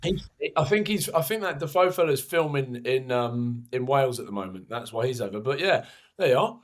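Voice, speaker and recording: A man's voice: medium pitch, lively intonation, fairly quick. A young man co-hosting a podcast, hungover, telling rambling, self-mocking stories in casual chat. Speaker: podcast co-host.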